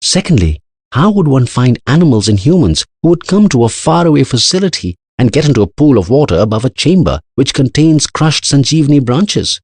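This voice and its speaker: Man reading as anxious scientist, earnest explainer, husky voice, lively pitch. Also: fairly quick, no echo. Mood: grave. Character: anxious older male scientist.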